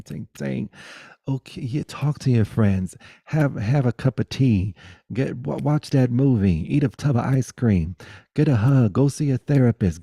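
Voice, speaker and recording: A middle-aged man giving a guided spiritual talk over a video call, swinging between loud exclamations and soft, hushed musing, swearing playfully. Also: mid-range voice, creaky, husky, no echo, clean studio sound. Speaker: spiritual teacher.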